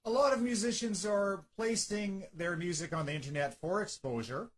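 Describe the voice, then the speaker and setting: A man's voice: high-pitched, moderate pace. A man from Canada hosting his radio show and interviewing a guest in formal, friendly phrasing.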